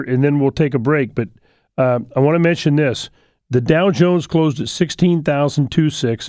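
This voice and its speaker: A middle-aged man hosting a call-in radio show on money and investing, telling stories in a folksy, energetic way with lots of restarts, in a studio. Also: medium pitch, no room sound. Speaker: radio show host, financial advisor. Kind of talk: call-in radio talk, storytelling.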